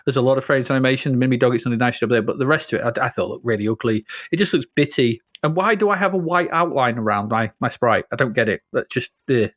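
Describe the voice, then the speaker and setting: A man's voice: medium pitch, quick pace, hardly any pauses, fairly bright tone, dry recording. Dryly dismissive man. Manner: dry, dismissive criticism. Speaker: podcast host. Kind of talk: casual retro game review chat.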